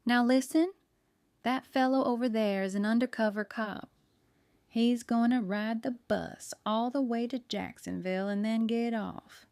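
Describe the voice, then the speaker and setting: A woman's voice: fairly high pitch, fairly even intonation, unhurried, darkish tone, smooth, no echo, clean studio sound. A woman voicing a fierce, folksy older baker. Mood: urgent. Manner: folksy, homespun talk.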